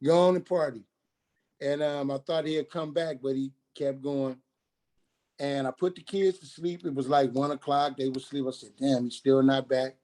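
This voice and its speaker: A middle-aged man tells a story from his own life on a radio talk show. His voice is dark and mellow, at a middling pitch. He halts, repeats himself and restarts, and he voices the people in the story as he quotes them. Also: steady tone. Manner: halting, repeats and restarts, quoting others in dialogue.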